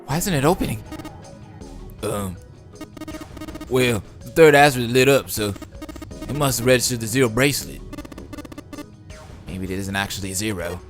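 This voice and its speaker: A man doing a let's play of a visual novel, reading the text aloud and reacting excitedly. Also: medium pitch, moderate pace, pauses often. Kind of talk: gameplay commentary and text reading. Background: game music.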